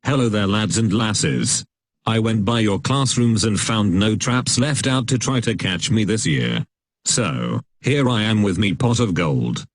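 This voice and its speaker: A British male text-to-speech voice reading the lines of a cheery male leprechaun greeting schoolchildren, in an even, machine-read way. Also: on the low side, unhurried, dry recording.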